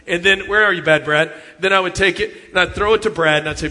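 A man, telling funny youth ministry stories in an animated sermon talk. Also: high-pitched, fast talker, hardly any pauses. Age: 50s. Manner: animated storytelling, jokes with the audience. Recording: long hall reverb.

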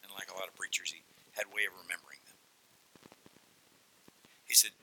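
A middle-aged man preaching a sermon, telling stories animatedly and dropping to hushed whispers. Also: sits low, a little fast, pauses often, a little hiss or hum, rough recording. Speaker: pastor.

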